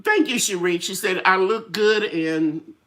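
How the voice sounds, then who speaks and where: A woman's voice: medium pitch, a little slow, fairly bright tone. An older woman hosting a casual live-stream chat about her garden, chatty and full of stories, a little tired with draining sinuses. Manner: chatty, storytelling, acts out quoted voices. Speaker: gardening channel host.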